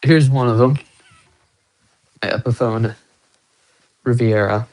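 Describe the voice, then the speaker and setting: A man's voice: mid-range voice, steady tone, takes it slowly, darkish tone. A young man chatting casually with viewers on a phone live stream from a small room at home, rambling as he shows off his guitars and watches. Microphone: phone held close.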